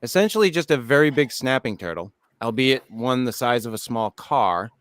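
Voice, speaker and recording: Podcast host, man, smooth dry close-mic voice, casual and profane. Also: mid-range voice, lively intonation, normal speed, dry recording. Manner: swearing, storytelling, reads segments aloud. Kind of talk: casual podcast chat and reading.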